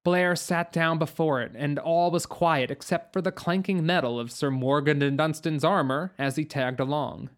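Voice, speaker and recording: Steady woman narrating a fantasy tale. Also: deep voice, moderate pace, few pauses. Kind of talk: audiobook narration.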